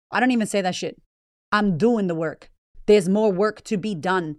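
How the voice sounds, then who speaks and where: A woman's voice: mid-range voice, normal speed, dry recording, studio quality. A woman hosting a motivational podcast, talking bluntly and emphatically with lots of swearing and repeated phrases. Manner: blunt, heavily profane, emphatic and raw. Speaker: podcast host and business owner.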